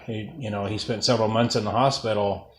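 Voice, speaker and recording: A man's voice: fairly low pitch, fairly even intonation. Man asking about family history, echoey room. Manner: halting, many fillers and restarts. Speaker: interviewer. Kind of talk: casual family-history interview.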